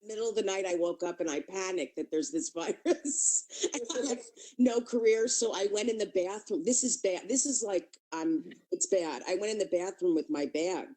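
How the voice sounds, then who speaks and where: A woman's voice: medium pitch, normal speed, mellow. A woman comedian talking blunt and self-mocking in a casual radio chat. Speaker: comedian guest. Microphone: studio mic.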